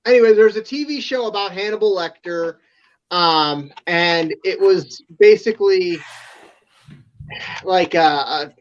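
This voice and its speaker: A man's voice: sits high, a little slow. A man chatting casually as a podcast guest, telling stories loosely with hesitant fillers and some swearing. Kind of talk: casual chat. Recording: slightly dull, lo-fi sound.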